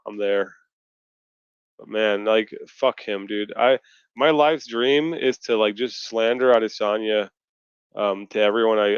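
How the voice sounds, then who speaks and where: A frustrated man rants on a video call, swearing freely as he vents. His voice is smooth and clear at a middling pitch. The stream audio is dry and slightly dull. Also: no room sound. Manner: profane, ranting, frustrated. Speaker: podcast co-host. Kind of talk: casual post-fight chat.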